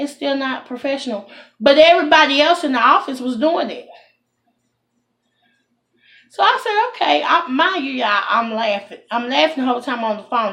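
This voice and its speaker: A woman with a drawl tells a casual storytime straight to camera, her voice sitting a little high. She talks in an animated, indignant way and keeps turning to her viewers. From Texas. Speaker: vlogger.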